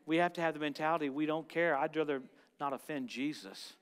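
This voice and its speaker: Guy preaching a fired-up sermon, kinda high voice, goes loud then soft, tells stories. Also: a little fast, clear, resonant tone. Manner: animated, swings from loud shouts to quiet asides. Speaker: guest preacher.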